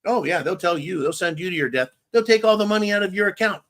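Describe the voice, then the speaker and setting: A man's voice: high-pitched, fast, fairly bright tone. A man hosting a live-stream show, talking bluntly and profanely in a casual rant, a little tongue-tied after a couple of drinks. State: slightly tipsy, tongue-tied. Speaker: livestream host.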